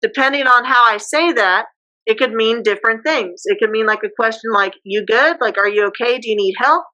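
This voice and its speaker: A woman's voice: fairly high pitch, brisk, pushed and bright, poor audio. A woman teacher giving a casual classroom lecture, chatty and acting out example phrases.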